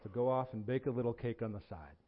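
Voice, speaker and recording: A male pastor preaching a sermon in a church sanctuary, earnest and emphatic, repeating his points and dropping to low, intense tones. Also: fast talker, highs cut off.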